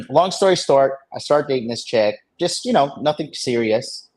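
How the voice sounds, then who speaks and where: A man in relaxed chat with a mid-range voice, spinning a long anecdote. He brags and swears freely and rambles through fillers and false starts. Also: mid-range voice, normal speed. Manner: loose, rambling, full of fillers and restarts. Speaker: storyteller in a men's dating discussion. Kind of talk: casual storytelling.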